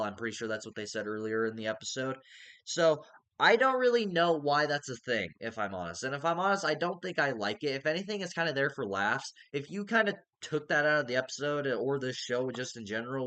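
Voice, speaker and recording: A man's voice: mid-range voice, bright, forceful tone. A man casually reviewing a TV show, rambling and hedging, with casual swearing.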